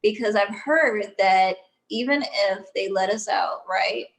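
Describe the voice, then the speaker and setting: A woman's voice: mid-range voice, unhurried, creaky. A woman co-hosting a podcast in a casual chat, talking in a chatty, matter-of-fact way. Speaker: podcast co-host.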